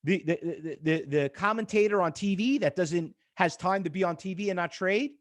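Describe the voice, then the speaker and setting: The trading instructor, a middle-aged man whose voice sits high, speaks at normal speed during a live class over a chart. He animatedly tells stories, performing the quoted exchanges.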